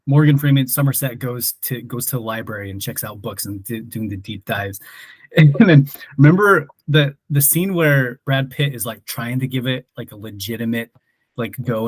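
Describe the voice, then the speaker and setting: A man's voice: medium pitch, dry recording. A man co-hosting a film podcast, retelling a movie scene animatedly and acting out the lines. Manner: animated storyteller, laughs, acts out quotes. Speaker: podcast co-host. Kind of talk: casual film discussion.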